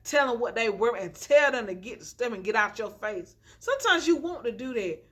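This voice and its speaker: Brisk and lively in intonation, her slightly high voice fairly bright, a young woman chats to camera from her floor at home. She's an inspirational vlogger using a phone on a tripod with a ring light, encouraging viewers in a chatty, preachy manner full of "y'all."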